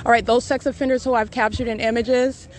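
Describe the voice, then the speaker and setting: A woman's voice: on the high side, little pitch movement, fairly quick, a little mellow. A woman recording a walking monologue on her phone outdoors, insistent and accusatory, repeating phrases with many uh and um fillers. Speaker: podcast host documenting her surroundings. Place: outdoors around a city hall and library.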